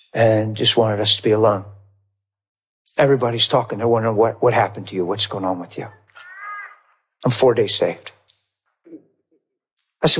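A man's voice: mid-range voice, slightly rough. A man preaching as a pastor, telling a personal story and acting out both sides of the conversation. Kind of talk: sermon testimony storytelling.

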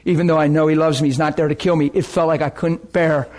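A man preaching a sermon with fervent, emotional delivery that swings from loud outbursts to hushed intensity. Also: a little high, steady tone, fast talker.

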